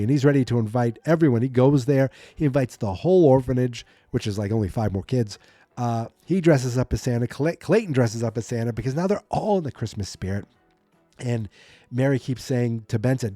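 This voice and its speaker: Male podcast host, mellow tone, dry close sound, loose rambling recap delivery. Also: mid-range voice, fairly quick, dry recording. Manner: rambling, self-correcting, mock-quoting characters. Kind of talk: casual episode recap.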